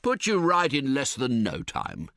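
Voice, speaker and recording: Guy doing a cheery drinking buddy, chummy and reassuring, low-key storybook voice. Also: huge pitch swings, unhurried, creaky, a bit bright, no room sound, studio quality, full character voice. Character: cheery adult man, always knows a pub.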